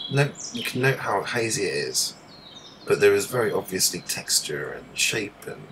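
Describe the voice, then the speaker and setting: A man's voice: low voice, creaky. A man rambling through live commentary outdoors as he films the sky, swearing casually and trailing off mid-sentence. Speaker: livestreamer filming the sky. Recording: loud outdoor noise.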